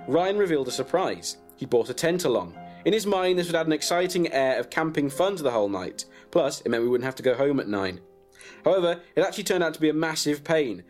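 Brief: male comic storyteller, lively up-and-down delivery, deadpan, faint music behind. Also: medium pitch. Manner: deadpan, crude, breaks into laughter. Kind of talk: comic reading of a personal story.

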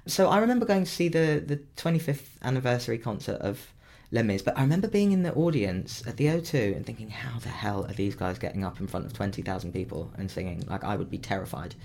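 Animated man telling stories. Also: fast, vocal fry, hardly any pauses. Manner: animated storytelling with big pitch leaps. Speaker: musical theatre performer, guest. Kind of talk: casual chat.

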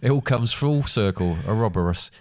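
A middle-aged man co-hosting a father-and-son podcast in casual chat, with dry, deadpan humour. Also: on the low side, normal speed, dry recording.

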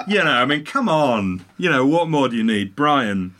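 A man chatting casually, telling a long story with animated asides and tangents. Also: mid-range voice, moderate pace, few pauses. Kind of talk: casual chat.

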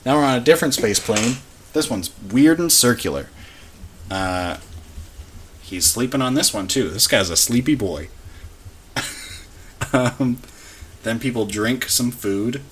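A man's voice: medium pitch, animated, measured pace, pauses often, slight background noise. Rambling young man recapping a film. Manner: rambling, joking, full of fillers. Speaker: podcast co-host. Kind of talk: casual chat recapping a film. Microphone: podcast mic.

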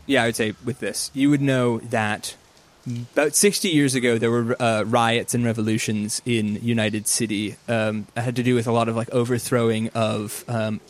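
A man narrating a tabletop game as game master, describing scenes in a casual way with quick asides. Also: medium pitch, flat delivery.

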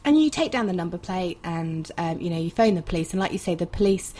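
A woman in her thirties hosting a conversation and telling a story with lively, emphatic outbursts. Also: fairly low pitch, quick pace. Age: 30s. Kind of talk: conversational interview.

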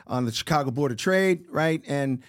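A man's voice: a little high, moderate pace. A middle-aged man telling his own story in a casual chat, acting out what people said. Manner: animated storyteller acting out quotes.

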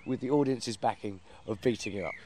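A man telling an animated anecdote, acting out quotes and laughing as he goes. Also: medium pitch, brisk, a little hiss or hum. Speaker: performer. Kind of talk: anecdote in casual chat.

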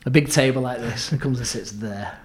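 A middle-aged man recounting stories as a podcast guest, his voice sitting at an ordinary pitch. He talks in bursts, restarting phrases as the memories come. He acts out what others said and lowers his voice to a near murmur when the story turns tense. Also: a little fast, husky. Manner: lively storyteller, acts out quoted lines, frequent restarts. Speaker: podcast guest, former football club therapist. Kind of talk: anecdotal storytelling in an interview.

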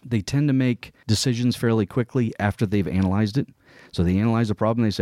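Mellow, low-voiced man explaining earnestly. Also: steady tone, fast, no room sound, clean studio sound. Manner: earnest, explanatory, acts out quoted colleagues in passing. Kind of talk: conversational explanation.

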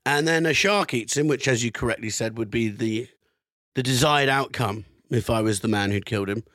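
Man, podcast co-host, storytelling, middle pitch, dry close sound. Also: a little fast, fairly bright tone, no room sound. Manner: storytelling, swearing, amused. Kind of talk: casual chat, reading out history.

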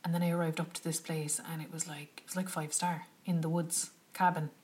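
A young woman telling a travel story to her viewers in a chatty, animated way, full of "like" and "do you know". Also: low-pitched, fairly quick. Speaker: travel vlogger. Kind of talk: casual travel storytelling to camera. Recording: slightly distant from the mic.

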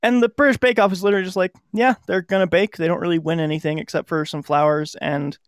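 A man's voice: high-pitched, steady tone, fast, clean tone, dry recording, clean studio sound. A man co-hosting a podcast in a laid-back, chatty way, laughing often. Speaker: podcast co-host. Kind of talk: casual chat.

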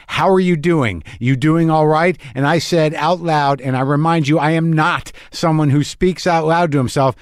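A man's voice: a little high, no echo, studio quality. A middle-aged man hosting a podcast from his garage, talking in a wry, playful, riffing way. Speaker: podcast host. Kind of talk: casual podcast monologue. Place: home garage studio.

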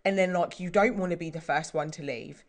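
A woman's voice: lowish voice, brisk. Rambling young woman. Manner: rambling, many "like" fillers, self-deprecating. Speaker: podcast co-host. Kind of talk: casual chat.

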